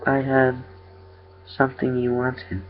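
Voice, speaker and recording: A man voicing an eerie creature that mimics a small boy's voice, asking questions slowly, one word at a time. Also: mid-range voice, monotone, faint music behind, pitched above the performer's own voice, lightly acted. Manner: slow, halting, word-by-word questions. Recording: lo-fi dull recording.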